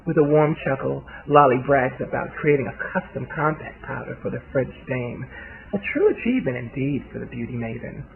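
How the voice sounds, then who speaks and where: A man reads a story aloud in a measured, steady way. His mid-pitched voice has a gravelly edge. The recording sounds thin and phone-like. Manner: measured reading with occasional restarts. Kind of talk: scripted story narration.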